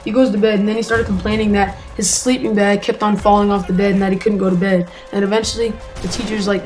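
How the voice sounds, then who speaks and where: A woman tells a story in a chatty, rambling way, with lots of "um" and "like" fillers. Her voice sits at a middle pitch, with faint music underneath. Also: level tone, fast talker, few pauses, darkish tone, rough recording. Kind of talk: casual storytelling vlog.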